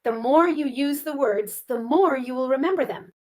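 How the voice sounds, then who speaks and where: A woman's voice: sits high, normal speed, a little mellow. A woman co-hosting a lesson for English learners, eagerly asking questions about the story. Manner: curious and eager, asks many questions. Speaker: co-host.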